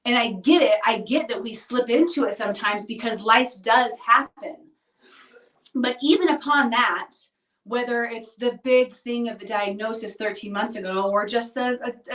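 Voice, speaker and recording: In her thirties, this woman vlogger speaks in a confiding, earnest way, reflecting on personal matters and frequently tacking on "right?" The voice is higher, and the distant mic picks up plenty of echo from the room around her.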